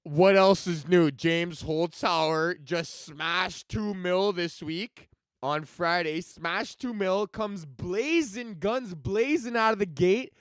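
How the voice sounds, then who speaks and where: A man with a high, clear, resonant voice speaks slowly on his own comedy podcast, with no room sound. As a podcast host and stand-up comedian, he tells stories in a casual, profane rant, acting out the lines of the people he quotes with animated flair.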